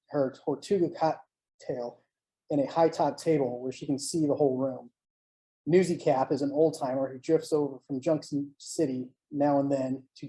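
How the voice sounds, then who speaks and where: An author giving a live online reading of a first-person short story, in a steady, measured storytelling manner. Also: medium pitch, low-quality recording. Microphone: home mic on a live online stream.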